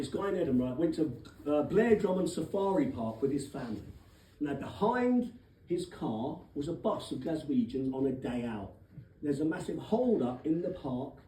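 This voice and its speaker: A man with an English accent doing animated stand-up comedy in a comedy club, swearing freely. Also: on the high side. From England. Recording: echoey distant club recording, noisy crowd.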